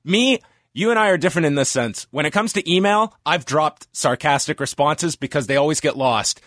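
In studio-quality audio without echo, a man hosts a podcast and talks with his guest in a relaxed, enthusiastic way. His voice is fairly high and fairly bright, expressive, and moderately paced.

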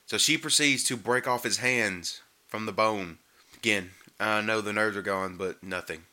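Male comic reviewer, sarcastic and animated, bright forward tone. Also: unhurried. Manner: sarcastic, animated, mocks the acting with squeaky imitations. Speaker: movie reviewer. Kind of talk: comedic movie recap.

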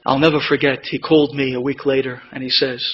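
A man telling an inspirational personal story, pausing for effect and acting out what others said. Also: mid-range voice, flat delivery. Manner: emotional, dramatic pauses, acts out quotes. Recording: dull lo-fi with mains hum.

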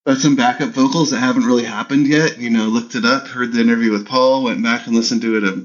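A man's voice: medium pitch, fairly even intonation, fast. A man co-hosting a podcast, chatting casually about an album and rambling with many restarts. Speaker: podcast co-host. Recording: dull lo-fi audio.

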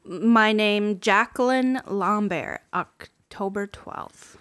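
Woman cohost, talks real slow, dry close sound, deadpan-ish. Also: mid-range voice, dry recording. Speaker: podcast co-host. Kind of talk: casual podcast banter.

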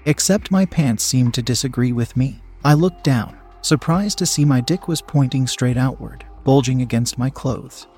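A man's voice: mid-range voice, normal speed, few pauses, darkish tone, breathy edge, faint music behind. Man narrating a first-person story.

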